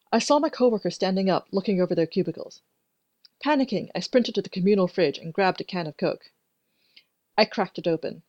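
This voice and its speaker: A woman narrating a first-person story in an even, measured way. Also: lowish voice, no room sound. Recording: dry, dull lo-fi recording.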